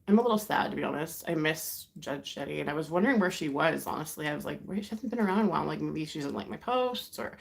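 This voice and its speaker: A woman's voice: low-pitched, gravelly. A woman in her thirties from the United States, hosting a rambling, confiding livestream chat. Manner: rambling, confiding, with sighs and soft laughs. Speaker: livestream host. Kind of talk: casual chat.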